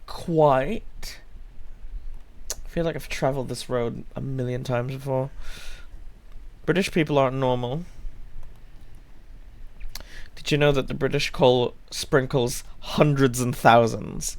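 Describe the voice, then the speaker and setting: A man's voice: medium pitch, steady tone, moderate pace. A man streaming a game live, chatting playfully with his viewers, rambling and swearing freely. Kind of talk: casual live-stream chat while gaming.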